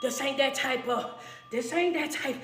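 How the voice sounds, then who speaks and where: Fervent high-voiced woman preacher, echoey room. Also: normal speed. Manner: fervent call-and-response preaching, repeats "understand me". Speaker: motivational preacher. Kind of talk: live-streamed sermon. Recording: roomy echo.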